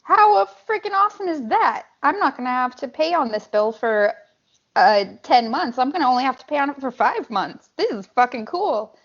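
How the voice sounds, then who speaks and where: An enthusiastic woman co-host chatting on a podcast, swearing casually while she talks. Her voice sits a bit high and comes through slightly dull. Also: sing-song, normal speed.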